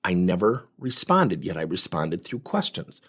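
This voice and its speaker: A man's voice: low voice, big pitch swings, unhurried, fairly bright tone. A middle-aged man coaching on workplace conversations, telling stories with energy and animation. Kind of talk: podcast monologue with acted anecdotes.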